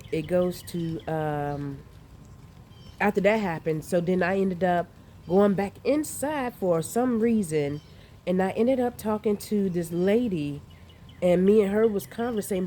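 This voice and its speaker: A woman with a slightly low, mellow voice tells a story casually outdoors. She talks in an animated way, swears freely and laughs often. Faint rain and outdoor sounds are heard in the background. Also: a little slow, a little hiss or hum. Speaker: vlogger recounting dreams. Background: rain and outdoor ambience.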